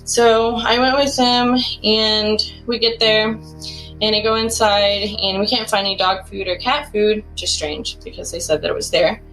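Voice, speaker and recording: A woman calling in to share her true ghost story, speaking in a casual, rambling way full of "like" fillers, with animated bursts as she relives it. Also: measured pace, rough recording. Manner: rambling, heavy use of "like" fillers; animated retelling with bursts of rising pitch. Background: faint music bed.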